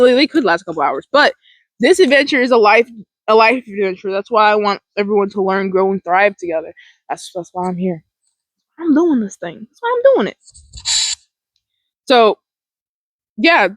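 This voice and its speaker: Woman mindfulness host, casual pep talk, rambling and filler-heavy, mid pitch, dry close sound. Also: dry recording, poor audio.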